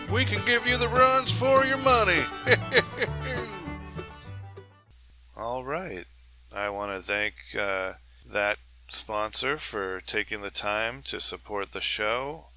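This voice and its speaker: Man, comedy podcast host, low voice, forceful and bright, rambling, crude jokes. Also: clean tone, low-quality recording. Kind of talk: comedic monologue.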